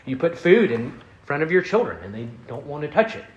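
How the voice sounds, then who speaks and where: A man preaching a sermon as pastor, earnest, building emphasis and then dropping soft. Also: on the high side, very animated, a little fast, reverberant, dull audio.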